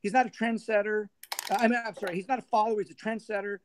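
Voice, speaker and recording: A middle-aged man, a former band manager, telling lively anecdotes in a casual interview and laughing as he goes. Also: sits high, very fast, a little hiss or hum. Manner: animated anecdotes, laughing, acting out others' voices.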